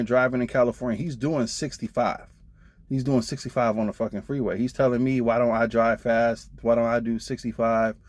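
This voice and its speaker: A man's voice: mid-range voice, a little mellow. Blunt, profane trucker man venting. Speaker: truck driver vlogger. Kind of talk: casual storytelling rant.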